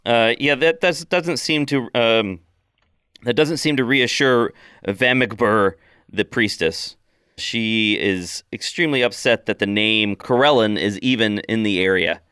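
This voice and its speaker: Bright, clear-voiced man running a tabletop game. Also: medium pitch, unhurried, no echo, clean studio sound. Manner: relaxed, descriptive narration with fillers. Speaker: game master.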